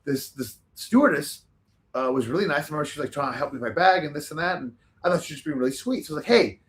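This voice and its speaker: A man tells animated, rambling stories as a guest on a casual talk show. He talks very fast, with lots of fillers and restarts, and his voice sits fairly high for a man.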